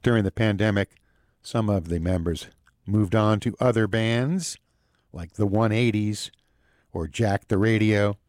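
A man's voice: fairly low pitch, unhurried, a little mellow, no echo. A man hosting a local news show and weather forecast, reading in a casual way with wry, jokey asides.

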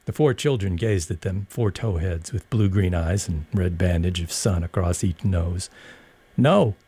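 A man narrating an audiobook in a steady, measured storytelling manner. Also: sits low, slightly rough, no echo.

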